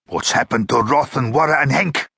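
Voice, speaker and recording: A man's voice: medium pitch, animated, moderate pace, creaky, slightly rough, dry recording, clean studio sound, full character voice. A man voicing a tense stranded crewman who snaps his lines. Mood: snappish. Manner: sharp, snapping.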